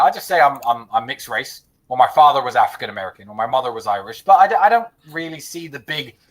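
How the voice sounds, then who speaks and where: A man with a slightly high-pitched voice gives blunt, strongly held opinions on a podcast. He curses freely and often stammers and restarts mid-sentence. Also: fairly bright tone, rough recording. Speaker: podcast guest. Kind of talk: casual chat.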